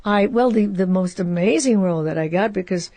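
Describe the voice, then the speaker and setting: A woman in her eighties, a guest actress telling stories in an expressive, animated way in a casual conversation. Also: mid-range voice, a little fast, no room sound. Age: 80s. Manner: animated storyteller, warm and expressive. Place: host's garage studio.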